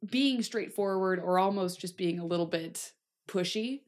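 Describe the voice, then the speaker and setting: A woman's voice: fairly low pitch, moderate pace. Chatty young woman podcast co-host. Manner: chatty, acts out quoted voices. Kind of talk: casual chat.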